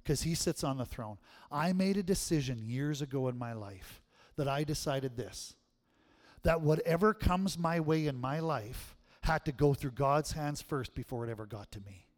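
A middle-aged man preaching a sermon as pastor, swinging from hushed tones to loud, emphatic calls. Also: medium pitch, expressive, moderate pace. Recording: long hall reverb.

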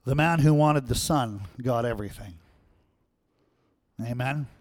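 A man's voice: medium pitch, unhurried, darkish tone, no echo, studio quality. A man preaching a sermon, telling a story and asking the congregation repeated rhetorical questions.

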